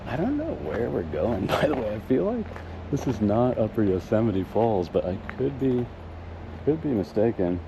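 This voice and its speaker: Gravelly-voiced man streaming live from a hiking trail. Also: lowish voice, big pitch swings, moderate pace, background noise. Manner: chatty, thinks aloud, self-deprecating. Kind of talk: live-streamed hiking vlog, chatting with viewers. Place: outdoor hiking trail in a wooded valley.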